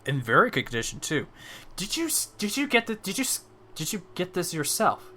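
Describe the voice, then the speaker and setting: A man's voice: mid-range voice, sing-song, normal speed, bright, forceful tone. A man voicing a chatty, curious male merchant tailor in a tabletop game, who rambles and muses aloud. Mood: musing.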